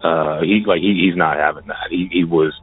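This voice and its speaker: A caller with a very low, husky voice shares a personal story in a casual, halting way, stumbling and repeating words while keeping a steady tone. The line sounds tinny and phone-like, dry with no echo.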